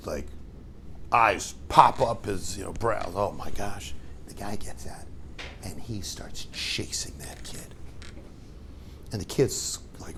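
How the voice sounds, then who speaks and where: A rabbi teaching his students through a lively story, acting out the scenes and dropping in joking asides. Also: medium pitch, a little hiss or hum. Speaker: rabbi and yeshiva head.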